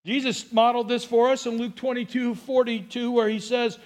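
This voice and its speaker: A man's voice: very high voice, flat delivery, a little fast. A man from Southern California preaching as a pastor, earnest and emphatic, acting out quotes as he goes. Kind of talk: sermon.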